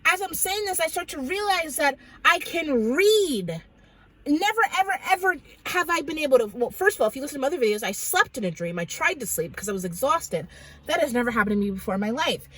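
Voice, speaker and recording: A woman's voice: high voice, big pitch swings, fairly quick, pushed and bright, rough recording. A woman vlogger telling a dream testimony in a rambling, dramatic way with many fillers. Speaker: Christian vlogger.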